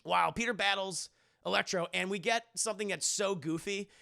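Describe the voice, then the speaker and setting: Young male streamer, animated, high and gravelly voice, swears a lot. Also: fairly quick. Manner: animated, profane, acts out scenes in voices. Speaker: streamer and film reviewer. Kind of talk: casual chat.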